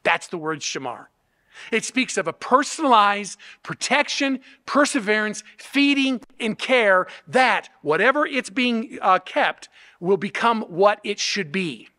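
A high-pitched man preaches a sermon with a bright, forceful tone. He teaches earnestly and keeps checking that his listeners follow along. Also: long reverb tail. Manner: earnest teaching, with restarts and rhetorical "okay?" and "right?". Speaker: pastor.

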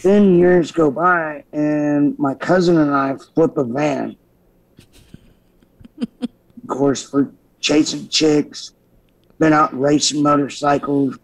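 A man's voice: on the high side, vocal fry, rough recording. A man guesting on a podcast, casually telling stories and acting out his own past dialogue with energy. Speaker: podcast guest, former stuntman. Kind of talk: casual storytelling.

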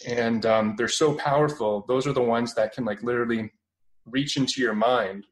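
A man in his twenties with a Canadian accent, speaking as a guest in a relaxed interview. He talks at an ordinary mid pitch and wanders through his points with plenty of ums, likes and restarted phrases. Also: moderate pace, rough recording. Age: 20s. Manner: rambling, many fillers and restarts. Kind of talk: casual radio interview.

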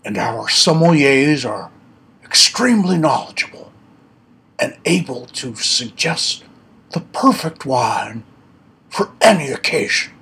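Man playing a gracious, boastful devil, slow and showy, lively swoops. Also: medium pitch, breathy edge, heavily acted. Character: genteel male devil, proud host of hell.

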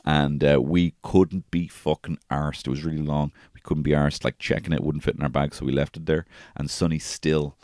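A man's voice: rumbling low, level tone, normal speed, hardly any pauses, a little mellow, no echo, clean studio sound. A man in his thirties hosting a podcast, rambling and swearing as he tells casual stories from his life. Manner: rambling and profane, with frequent restarts. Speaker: podcast host. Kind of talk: casual solo podcast storytelling.

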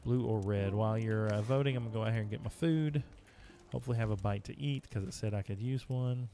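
A chatty male gamer talks to his chat during casual live-stream gameplay, with music in the background. He speaks fast in a warm, mid-range voice.

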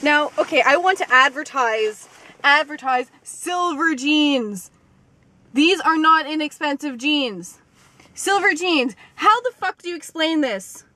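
A woman's voice: sits high, expressive, measured pace, pushed and bright. A young woman venting indignantly and profanely to her camera from inside a car, exasperated and swearing freely. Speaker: vlogger. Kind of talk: casual rant to camera. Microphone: handheld camera.

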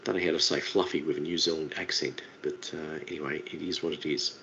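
A man with a very low voice walks through a webinar in a relaxed, chatty way, tossing in informal asides. The audio is dull and lo-fi, like a typical online meeting recording. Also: fast talker, a little hiss or hum. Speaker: webinar presenter. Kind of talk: casual webinar presentation.

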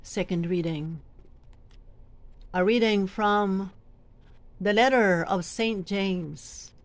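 A woman with a Filipino accent who coaches lectors, reading scripture slowly and with deliberate emphasis between her tips. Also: medium pitch. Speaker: lector trainer. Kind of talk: teaching and modeling scripture reading.

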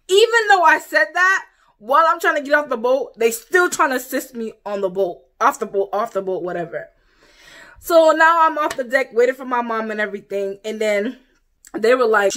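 A young woman from the United States telling a story to camera in a casual, animated way, acting out what other people said. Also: high voice, brisk. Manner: animated, quotes people in exaggerated voices. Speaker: vlogger.

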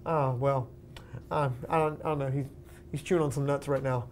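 A man's voice: mid-range voice, steady tone, brisk, a little mellow, a little hiss or hum. A man hosting a casual movie podcast, eager and chatty, steering the talk and asking the others for their views. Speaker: podcast host.

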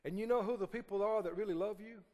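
A man preaching a sermon to a congregation, animated and full of call-and-response questions. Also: high voice, fast talker, big-room sound. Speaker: pastor. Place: church sanctuary.

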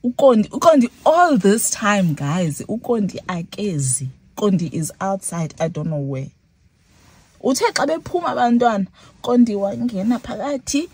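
Her voice sits at medium pitch, darkish and husky. A young South African vlogger with a Xhosa accent, she tells a relaxed story in a mix of English and Xhosa, performing her own reactions along the way.

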